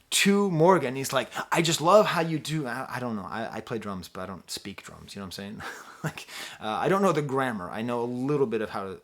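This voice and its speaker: A middle-aged man talks straight to camera as a music reviewer, telling a long story in a loose, rambling way. He keeps mocking himself and restarting his sentences, and his voice sits at an ordinary middle pitch. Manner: rambling, self-deprecating, animated with many restarts. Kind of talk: casual vlog storytelling.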